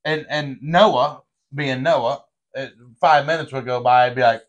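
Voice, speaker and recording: A man's voice: mid-range voice, fairly even intonation, measured pace. A man hosting a podcast, telling crude road-trip stories in casual, profane chat, stumbling over restarts. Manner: profane, rambling storyteller with stammered restarts. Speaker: podcast host.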